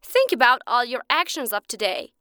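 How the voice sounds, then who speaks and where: A woman doing a tiny talking bird from a storybook, high and bright in tone. It lectures with calm patience, its voice leaping up and down, smooth and close in a dry recording. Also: normal speed, dry recording. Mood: earnest. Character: small magical talking bird, wise and calm.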